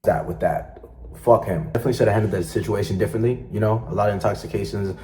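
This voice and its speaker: A man explaining himself to the camera about past allegations, rambling and halting as he reflects. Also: on the low side, a little mellow, a little hiss or hum. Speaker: content creator responding to allegations.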